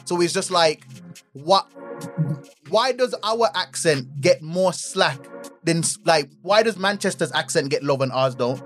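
A man's voice: fairly high pitch, expressive, a little slow, a bit bright, soft background music. Brummie man hosting a chat. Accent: Birmingham. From Birmingham, England. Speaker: podcast host. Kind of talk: casual group chat.

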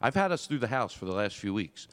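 A man's voice: fairly low pitch, big pitch swings, fast, a bit bright, smooth, dry recording. A man hosting a podcast in casual chat, talking in a rambling, self-interrupting way. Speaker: podcast host. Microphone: headphones and studio mic.

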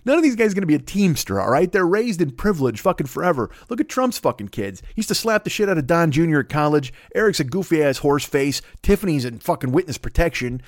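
A man's voice: on the high side, very animated, quick pace, few pauses, no echo, studio quality. A man hosting a comedy podcast, rambling through a profane, self-interrupting rant. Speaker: podcast host.

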